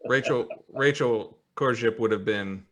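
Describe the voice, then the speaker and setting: A man co-hosting a casual podcast happy hour, reading out viewer comments in a relaxed, halting way with plenty of fillers. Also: mid-range voice. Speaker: podcast co-host. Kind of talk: casual live-stream chat.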